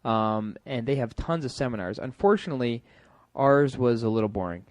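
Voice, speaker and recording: رجل يتحدث بعفوية ومزاح، بصوت جاف قريب من الميكروفون. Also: male voice, medium pitch, a little fast, dry recording. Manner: joking, rambling, puts on silly voices. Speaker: co-host. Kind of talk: casual comedy chat.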